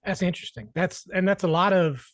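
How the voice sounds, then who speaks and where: A man's voice: high-pitched, fairly quick, fairly bright tone, no echo. Hesitant male podcast host, dry sound. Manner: hesitant, with fillers and restarts. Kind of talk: casual chat.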